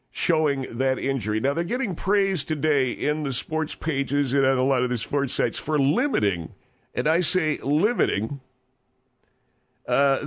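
A man's voice: mid-range voice, lightly acted. A man doing a rambling boastful steakhouse owner. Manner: rambling, self-important storytelling. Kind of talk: radio comedy monologue.

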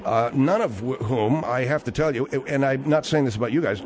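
A man's voice: mid-range voice, fairly quick, a little mellow, slight background noise. A man hosting a talk radio show. He argues in a combative, sarcastic way.

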